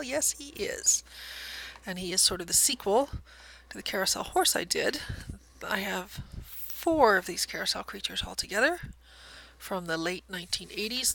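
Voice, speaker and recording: Woman, casual show-and-tell, gravelly fry, soft near-whispers, self-deprecating. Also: medium pitch, slight background noise, poor audio. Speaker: cross stitch vlogger.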